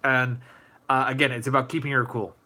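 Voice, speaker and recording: Bright-voiced man hosting a live Q&A. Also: mid-range voice, little pitch movement, a little fast. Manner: chatty and easygoing, heavy use of fillers, reads viewer comments aloud. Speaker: host of a live Q&A stream. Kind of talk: casual live-stream Q&A.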